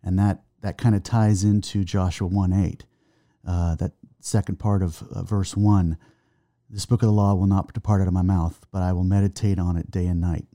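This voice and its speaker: A middle-aged man giving an earnest faith testimony in conversation, halting and restarting, reciting verses slowly. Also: sits low, little pitch movement, warm tone, dry recording, studio quality. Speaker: guest, son of the host.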